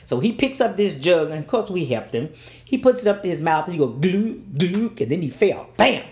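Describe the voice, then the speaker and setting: Animated older storyteller woman. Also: lowish voice, fairly quick. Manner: animated, acts out every character. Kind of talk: storytelling with a preacher's touch.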